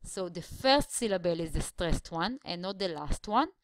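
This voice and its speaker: A woman's voice: lowish voice, lively intonation, dry recording, studio quality. Woman teaching English grammar. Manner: explains slowly, stretching syllables to show stress. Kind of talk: grammar lesson voice-over.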